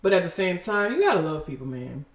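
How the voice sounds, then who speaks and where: A woman's voice: fairly low pitch, sing-song, fast talker, echoey room. A woman hosting a podcast and giving an emotional devotional talk, fervent and preachy, breaking off with exclamations.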